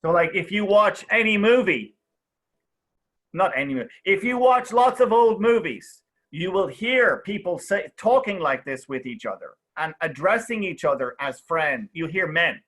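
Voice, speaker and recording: A young man runs a relaxed online English lesson, talking in a bright, slightly high voice. He explains with example after example and keeps checking in with his students. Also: normal speed. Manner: chatty, explains with many examples and checks "okay?". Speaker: English teacher. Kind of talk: casual online class.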